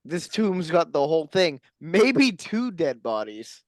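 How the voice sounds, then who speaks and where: A comedy podcast co-host chatting in a deadpan, rambling way full of tangents. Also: medium pitch, slow, no room sound. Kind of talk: casual comedic chat.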